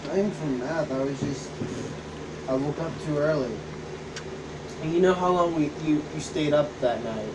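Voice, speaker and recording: A man's voice: fairly high pitch, normal speed, pauses often. A man co-hosting a game stream, telling rambling, profane stories in casual chat. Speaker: co-host of a gaming channel. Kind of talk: casual chat over gameplay. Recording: distant mic with background hum.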